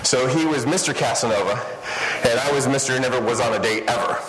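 A man's voice: medium pitch, a little fast, over a noisy crowd. A man preaching a sermon to a live congregation, telling self-deprecating stories with jokes. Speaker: pastor. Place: large church hall, live before congregation. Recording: reverberant hall with ambient noise.

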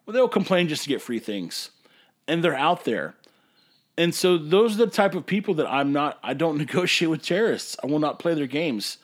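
A brewery owner hosts a podcast and launches into a casual, ranting monologue, his slightly high voice swinging widely in pitch at a normal speed. He's emphatic and passionate, now and then breaking into hollering.

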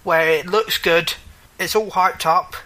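A man chatting casually about video games on a podcast, his voice bright and forward. He rambles, stumbles over names and keeps correcting himself, with a joking edge to it all. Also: sits high, fairly even intonation, slow, rough recording. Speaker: podcast co-host. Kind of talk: casual gaming chat.

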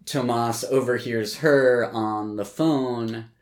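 A man's voice: mid-range voice, fairly even intonation, slow pace. A man hosting a podcast, casually recapping a film in a rambling way, full of likes and ums, with occasional swearing. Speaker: podcast host.

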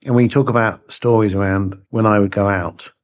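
Low-voiced podcast host. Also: male voice, fairly even intonation, a little fast, a little hiss or hum. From Britain. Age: middle-aged. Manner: conversational, shares his own views while asking questions. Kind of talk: casual interview.

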